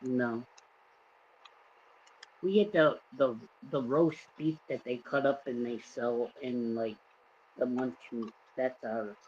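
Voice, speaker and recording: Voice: medium pitch, takes it slowly, long pauses. An easygoing host of a live audio stream, chatting casually and steering the conversation. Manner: easygoing, laid-back, moderating the room. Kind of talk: casual chat. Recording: dull lo-fi line with faint noise.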